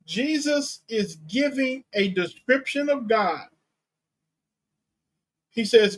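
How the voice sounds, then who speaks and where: A pastor giving a teaching sermon, reading and explaining Bible verses in a deliberate way and unpacking Greek words. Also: male voice, very high voice, lively intonation, rough recording. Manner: slow, deliberate Bible exposition with Greek terms.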